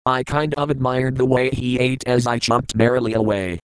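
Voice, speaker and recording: A man reading a first-person audiobook narration in an even, measured way, recorded in a studio booth. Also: medium pitch, clean tone, no echo, poor audio.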